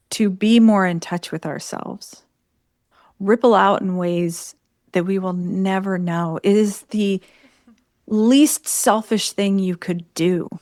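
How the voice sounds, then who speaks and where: Woman podcast co-host, unhurried and contemplative, dry close sound. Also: mid-range voice, darkish tone, no echo. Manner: slow, contemplative, thinks aloud. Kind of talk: reflective conversation.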